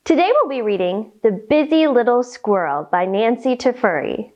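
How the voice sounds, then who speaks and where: A woman's voice: a little high, lively intonation, normal speed, a little mellow, lo-fi sound. A young adult woman teaching a children's yoga lesson, giving cheerful sing-song instructions with rhymes and animal sounds.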